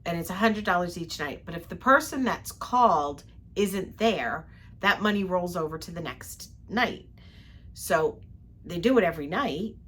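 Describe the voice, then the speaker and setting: A husky, fairly low-pitched woman's voice, animated and fairly bright, moves a little slowly. She's an older co-host of a travel vlog, chatting from a ship cabin about her day in a casual recap filled with detailed stories and plenty of laughter.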